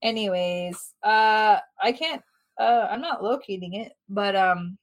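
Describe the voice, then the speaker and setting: Young woman, podcast co-host, loud and swearing, casual chat. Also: medium pitch, measured pace. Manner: profane, brash, laughing often.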